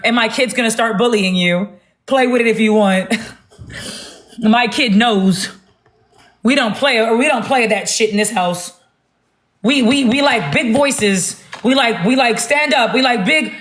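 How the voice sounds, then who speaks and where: A woman talking loudly and bluntly in a casual livestream rant on her phone. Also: on the high side, lively intonation, moderate pace. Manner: loud, blunt and emphatic.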